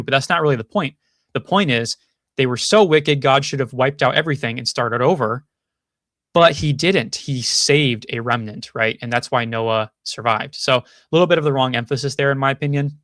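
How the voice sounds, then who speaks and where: A man's voice: medium pitch, fast, fairly bright tone, no room sound, studio quality. Man thinking aloud in casual commentary. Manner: thinking aloud, frequent restarts and hedging. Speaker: podcast host.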